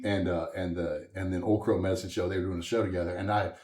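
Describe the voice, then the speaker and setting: A man's voice: low-pitched, fast, roomy sound. A man from Southwest Louisiana, a musician guest, telling a story in a casual interview at a coffeehouse and acting out the voices of the people in it. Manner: animated storyteller, quotes others with lively swings. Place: coffeehouse, indoors.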